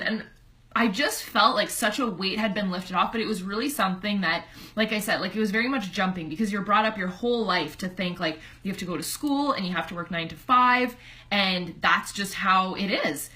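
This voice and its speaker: A woman's voice: mid-range voice, a little fast, sharp tone. A young woman telling a personal story to her computer webcam at home, chatty and heartfelt, with lots of "like" fillers. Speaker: online fitness coach. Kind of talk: casual personal storytelling to camera.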